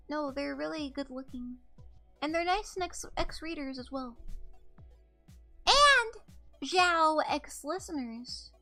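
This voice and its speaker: A young woman streaming, chatting casually with her viewers in a rambling, giggly way and apologizing often. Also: high-pitched. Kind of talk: casual live-stream chat.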